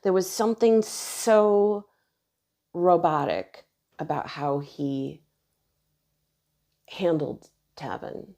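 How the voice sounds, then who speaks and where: A woman's voice: lowish voice, extremely slow, gravelly, long pauses. A woman in her thirties earnestly telling a personal story on her own channel. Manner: earnest, emotional retelling, quoting others softly.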